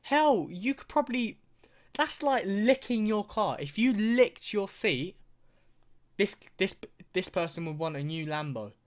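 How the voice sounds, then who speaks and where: A man's voice: sits high, animated, unhurried. A young man ranting through a reaction video, swearing constantly and mocking what he sees.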